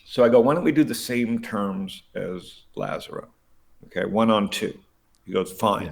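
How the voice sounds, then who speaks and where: A middle-aged man, a venture investor, telling stories casually in an interview, animated and profane, acting out the people he quotes. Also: on the low side, moderate pace, gravelly.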